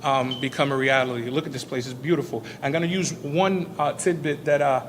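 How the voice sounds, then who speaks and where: A man's voice: mid-range voice, fairly even intonation, a little fast. A man, a state senator, giving a loose, filler-heavy speech at a press event. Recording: hall reverb with faint noise.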